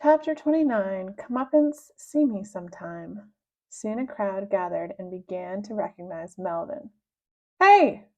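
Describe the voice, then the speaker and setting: A woman reading a children's book aloud with expressive, lively narration. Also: a little slow. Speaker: reader. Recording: dull low-fidelity sound.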